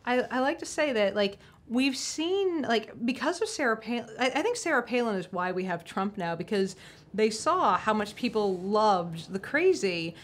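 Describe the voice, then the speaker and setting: A woman in casual onstage conversation, animated and profane, often acting out quotes in mocking voices. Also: fairly high pitch, normal speed. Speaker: panel guest.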